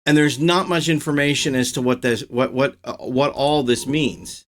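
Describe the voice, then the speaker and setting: This man, the host of his own show, speaks at normal speed with a medium-pitched voice. He chats casually, reacting and ranting with strong opinions in an animated, opinionated way.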